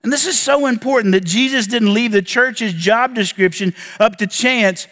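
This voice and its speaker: A man preaching a sermon as pastor, earnest, with dramatic pauses and emphatic lists. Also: very high voice, fairly bright tone, big-room sound.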